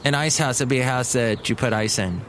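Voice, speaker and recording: A man hosts his own comedy podcast, rambling and wandering from one topic to the next. His voice sits at an ordinary mid pitch. A faint background noise is present. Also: brisk, fairly bright tone. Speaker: podcast host and radio worker.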